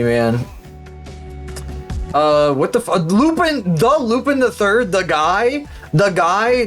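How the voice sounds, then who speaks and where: A young man streaming live, commenting as he plays, swearing often and mumbling names aloud as he guesses. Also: on the high side.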